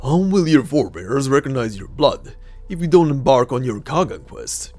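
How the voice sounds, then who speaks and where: A man's voice: medium pitch, big pitch swings, normal speed, darkish tone, soft background music. A man voicing an ancient ghostly king who speaks formally and solemnly, in a fan audio drama. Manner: stately, old-fashioned phrasing.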